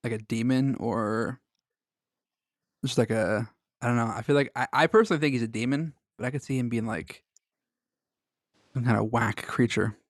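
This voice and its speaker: A man's voice: medium pitch, moderate pace, long pauses, no room sound, studio quality. A man co-hosting a podcast, chatting casually with a joking, rambling manner and reading a story aloud. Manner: joking, rambling, laughs often. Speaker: podcast co-host.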